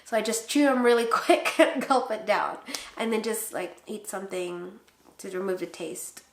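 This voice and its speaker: A woman's voice: medium pitch, normal speed, a little hiss or hum. A young woman in her twenties from the Philippines, casually chatting to camera in a vlog, laughing often and acting out quotes. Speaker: pregnancy vlogger. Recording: echoey room.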